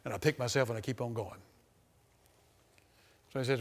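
A man preaching to a congregation with a steady mid-range voice, hammering points through repetition and dropping to hushed, earnest asides. His voice rings out in a hall with a long echo trailing behind it. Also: mid-range voice, a little fast, long pauses. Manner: emphatic, repetitive, shifts between loud and hushed. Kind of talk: sermon.

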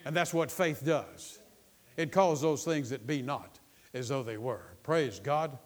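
Emphatic male preacher, repetitive delivery, exclamations of praise, middle-pitched voice, rising to loud bursts. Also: lively intonation, measured pace. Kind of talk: sermon.

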